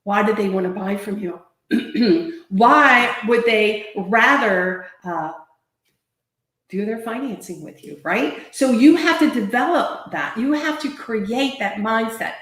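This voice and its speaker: A woman's voice: on the high side, slow, a bit bright. A woman sales trainer giving an emphatic, coaching talk over a live video stream, repeating herself often. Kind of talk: motivational online talk. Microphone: webcam or laptop mic on a live video stream. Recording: roomy echo.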